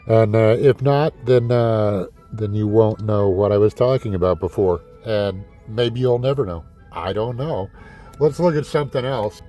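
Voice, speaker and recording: Man, low voice, sarcastic ranting vlog host, swears a lot, faint music behind. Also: darkish tone. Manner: exasperated ranting, heavy swearing; sarcastic, talks to viewers as kids. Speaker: diecast collector host. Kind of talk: casual collector vlog.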